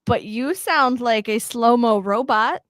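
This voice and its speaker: A woman's voice: a little high, a little slow, no room sound, studio quality. A woman hosting a gaming podcast in casual, playful chat. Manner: playful, laughs often, animated. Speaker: podcast host.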